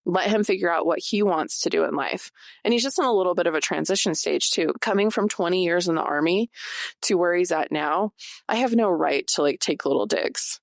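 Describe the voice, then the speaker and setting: A woman's voice: on the low side, a little fast, vocal fry, dry recording, clean studio sound. A woman in her forties hosting a podcast, talking casually and confessionally to her listeners with lots of fillers. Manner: chatty, many "like" fillers, confessional. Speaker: podcast host. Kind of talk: casual personal talk to listeners.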